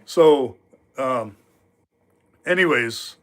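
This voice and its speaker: A man in his fifties from Alaska, hosting a livestream from a knife workshop, speaks very slowly in a medium-pitched, slightly bright voice. He tells wandering, casual stories heavy with filler words.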